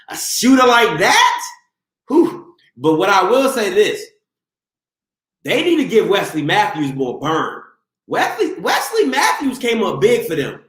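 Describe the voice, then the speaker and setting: A man's voice: on the high side, echoey room. A man hosting a live show, ranting about sports, cutting himself off and mocking viewers in the chat. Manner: animated, talks over himself, mocks viewers. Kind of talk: live-stream sports rant.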